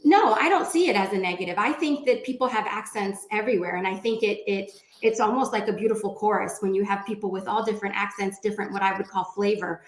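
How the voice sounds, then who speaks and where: A woman's voice: medium pitch, fast talker, hardly any pauses. A woman panelist talking casually on a video call, with lots of fillers and restarts. Her voice sits in the middle of a woman's range. The room around her is echoey. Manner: chatty, many fillers and restarts. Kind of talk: round table discussion.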